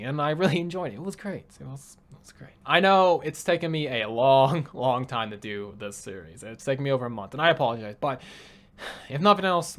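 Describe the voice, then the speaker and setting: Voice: medium pitch, a bit bright. A young adult gaming video creator giving emotional let's play commentary, swearing a lot.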